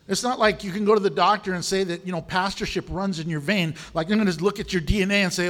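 A middle-aged man preaching a sermon as pastor, lively and humorous, acting out quotes and asides. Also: sits high, quick pace, hardly any pauses.

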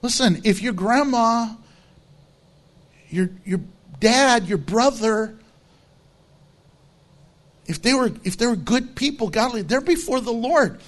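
A man preaching as pastor, blunt and emphatic, with low, quiet asides in a conversational sermon.

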